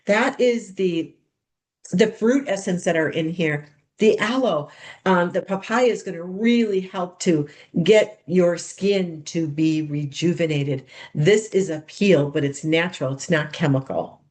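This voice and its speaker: A woman's voice: on the low side, a little slow, a little mellow. A woman coaching others how to run a skincare party, demonstrating steps in a bubbly, chatty way and calling the group "you guys". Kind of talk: hands-on demonstration talk.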